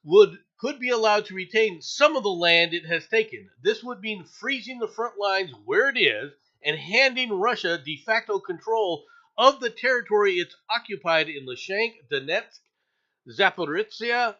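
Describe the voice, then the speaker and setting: A man's voice: high-pitched, animated, measured pace, pushed and bright. A man hosting an opinionated news commentary, ranting angrily with profanity and frequent stammered restarts. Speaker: show host. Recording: dull lo-fi audio.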